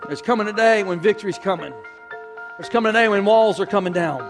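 A man's voice: sits high, fast talker, music in the background. A man preaching a sermon with folksy, impassioned delivery, calling out to the congregation. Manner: impassioned, call-and-response, folksy. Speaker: pastor.

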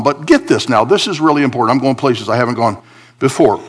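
Animated man preaching a sermon. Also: mid-range voice, fairly quick. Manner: animated preaching, rising for emphasis, dropping to a confiding hush; explains Hebrew words from scripture. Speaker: pastor.

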